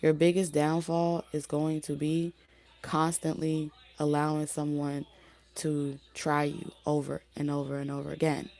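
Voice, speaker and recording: A woman with a low, mellow voice talks through a tarot reading in a loose, rambling way. She circles back, restarts her sentences and leans on fillers, and her voice sounds like it is wearing out toward hoarseness. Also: completely flat delivery, unhurried. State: losing her voice. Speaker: tarot reader. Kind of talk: casual spoken tarot reading.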